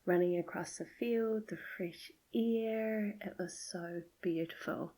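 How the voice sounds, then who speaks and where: Soft-spoken, lower-voiced woman telling a story. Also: takes it slowly, poor audio. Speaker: podcast host. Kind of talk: reflective personal storytelling.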